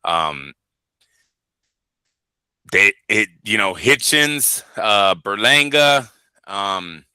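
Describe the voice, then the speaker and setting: A man hosting a boxing show, talking in a casual, animated and profane way and rambling from point to point. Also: fairly low pitch, extremely slow, smooth, no room sound. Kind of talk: casual chat.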